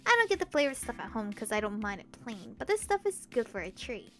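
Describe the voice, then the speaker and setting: A woman's voice: on the high side, very animated, brisk, soft background music. A young woman reading a visual novel aloud as a game streamer, breaking off for chatty, self-deprecating asides.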